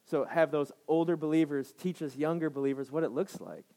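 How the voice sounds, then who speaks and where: Guy in his 30s preaching, keeps saying "right?", pushes his points hard, voice sits a bit high. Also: steady tone, brisk, warm tone. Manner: emphatic, repeats phrases, asks the congregation "right?". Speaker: pastor. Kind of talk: sermon.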